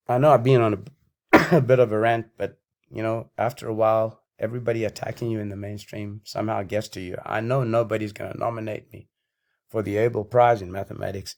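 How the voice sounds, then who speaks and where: A man's voice: fairly low pitch, flat delivery, brisk, a little mellow. A man hosting his own channel, delivering a combative, self-aggrandizing monologue, out of breath and losing his voice. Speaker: channel host. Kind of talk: ranting monologue.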